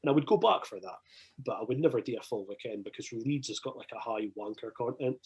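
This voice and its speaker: A man with a Scottish accent, swearing freely as he tells animated anecdotes in a casual podcast chat. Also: mid-range voice, fast talker, husky, poor audio.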